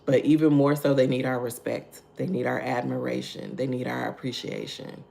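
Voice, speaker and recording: A woman with a rumbling low, creaky, warm voice hosts a casual morning devotional livestream at normal speed, her pitch barely moving, with a little hiss or hum behind her. She laughs often, repeats her points, and greets viewers by name. To draw listeners in, she keeps asking "right?" and "okay?"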